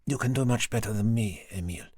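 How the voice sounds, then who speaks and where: A man reading an audiobook voices a gentle, resigned young woman who speaks softly and quietly. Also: fairly low pitch, fast, breathy edge, dry recording, clean studio sound. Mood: sad.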